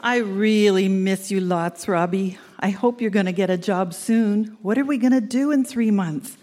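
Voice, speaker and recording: A woman's voice: mid-range voice, moderate pace, dark tone. An older woman reading her old letters aloud to an audience, sweet and earnest with a teasing edge.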